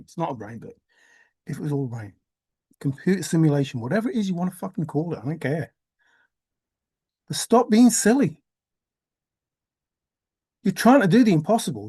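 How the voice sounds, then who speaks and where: A man's voice: fairly high pitch, warm tone, slightly rough, no echo, studio quality. Rambling man thinking aloud. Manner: musing aloud, wandering, swears casually, laughs to himself. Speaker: vlogger. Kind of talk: rambling monologue.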